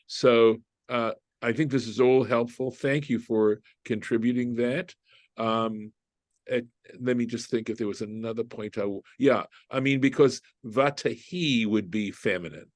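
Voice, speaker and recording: A man's voice: mid-range voice, no echo, studio quality. A man, a rabbi, leading an informal Torah study class, thinking aloud, translating Hebrew phrases and often checking in with "right?". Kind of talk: informal group Bible study.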